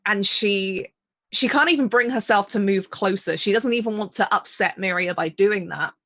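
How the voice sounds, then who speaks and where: A woman taking part in a tabletop role-playing game who narrates what her character feels in a loose, casual way. She sprinkles her sentences with "like" as she works out each moment. Her voice sits at a middle pitch. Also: normal speed, fairly bright tone. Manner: describes her character's feelings, hedging with "like". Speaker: player.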